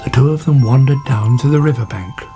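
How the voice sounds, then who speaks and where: A man narrating a children's story in a gentle, even reading voice. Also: mid-range voice, brisk. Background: background music.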